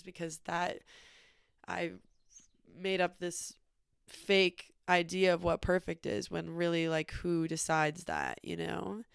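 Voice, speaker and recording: A woman's voice: lowish voice, creaky, clear, resonant tone, dry recording, studio quality. A young woman telling a personal travel story in a casual, chatty way, full of fillers. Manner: chatty, many "like" fillers, animated retelling. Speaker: podcast host.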